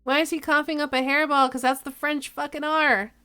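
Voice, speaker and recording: A woman's voice: high-pitched, level tone, a little fast, bright, forceful tone, soft background music. Playful, laughing woman streamer. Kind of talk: casual game-stream chat.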